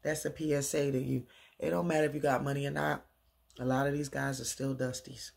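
A woman's voice: a bass voice, flat delivery, fairly quick, vocal fry, a little mellow. A middle-aged woman recapping a TV episode in a chatty, slangy way, dancing around while she talks.

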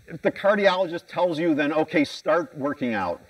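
An American man gives a conference keynote from a hall stage, candid and self-mocking, asking the audience questions. His voice is on the high side with lively intonation at normal speed. The mic is distant and the audio poor.

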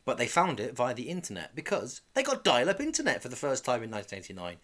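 A man's voice: mid-range voice, huge pitch swings, quick pace, a bit bright. A man in his thirties co-hosting a podcast, chatting casually and dropping dry jokes as he runs through events. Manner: dry, jokey, reads out events. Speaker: podcast co-host. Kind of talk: casual comedic chat.

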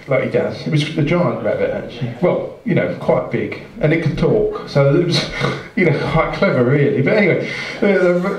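A man's voice: mid-range voice, a little mellow. Guy rambling thru a long joke on stage, lots of um and restarts, distant and echoey club sound. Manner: rambling, self-interrupting, chuckling. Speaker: bandleader telling a joke on stage. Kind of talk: rambling live joke telling. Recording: roomy, distant, dull live club sound.

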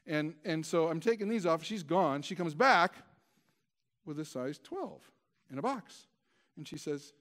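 A man's voice: a little high, animated, normal speed. A male pastor preaching a storytelling sermon in a conversational, self-deprecating way, with many stammered restarts.

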